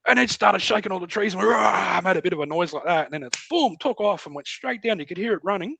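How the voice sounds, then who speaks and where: High-sitting and husky with vocal fry, the voice of a middle-aged Australian podcast guest comes fast with no echo. He tells a story in casual chat, animated and acting out voices and sounds.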